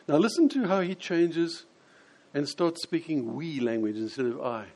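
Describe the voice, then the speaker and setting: Husky animated male preacher. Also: fairly high pitch, normal speed. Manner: animated, acts out quoted voices. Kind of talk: sermon.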